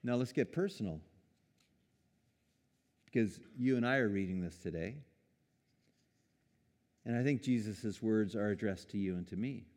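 A man preaching a sermon in a casual, conversational way, lively when quoting and quick to chuckle. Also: fairly low pitch, in a large hall. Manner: conversational, animated when quoting, with small laughs and restarts. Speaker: pastor.

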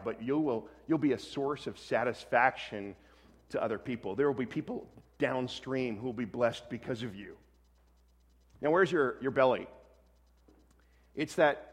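A pastor giving a sermon in a relaxed, conversational way, often correcting himself and adding light humor. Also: male voice, mid-range voice, big-room sound.

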